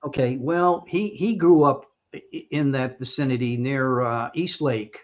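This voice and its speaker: A man's voice: medium pitch, measured pace, highs cut off. An older man hosting a casual talk show, talking in a chatty, rambling way with restarts and little jokes. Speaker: show host.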